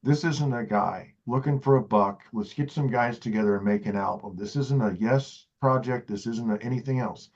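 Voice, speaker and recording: A man's voice: mid-range voice, moderate pace, few pauses, a little mellow, muffled recording. A man hosting an interview, earnest and enthusiastic, restarting phrases as he builds his point. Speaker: interview host. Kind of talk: casual interview chat.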